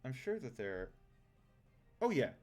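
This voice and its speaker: A young man running a tabletop game, describing scenes in a relaxed, even voice at a middle pitch. He laughs easily and talks casually between the rules. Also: a little slow, soft background music. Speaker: game master.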